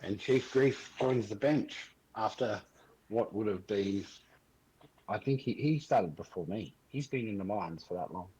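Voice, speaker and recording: A man's voice: lowish voice, unhurried, a little mellow, breathy edge, low-quality recording. A man in a casual podcast chat, rambling through his points with many ums and hesitations.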